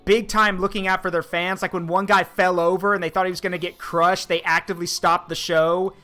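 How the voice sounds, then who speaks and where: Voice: medium pitch, level tone, fairly quick, pushed and bright, faint music behind. A streamer host in casual chat, telling a long story with lots of fillers and restarts. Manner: rambling, filler-heavy storytelling.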